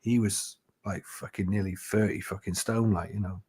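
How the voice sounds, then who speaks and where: A man's voice: fairly low pitch, steady tone, moderate pace, mellow, slightly rough. Rambling, swearing man. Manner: rambling, swears a lot, fillers like "you know". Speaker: live chat host. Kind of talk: casual chat.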